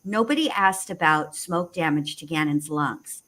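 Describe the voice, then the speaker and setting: A woman co-hosting a casual livestream, talking in rushed restarts with sarcastic asides. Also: low-pitched, a bit bright. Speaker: co-host.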